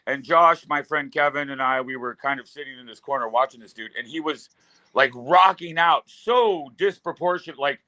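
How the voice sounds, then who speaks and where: A man's voice: mid-range voice, normal speed, pushed and bright, no room sound, low-quality recording. A man in his fifties, a guest musician, telling rambling stories with loose fillers in casual talk. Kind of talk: casual storytelling.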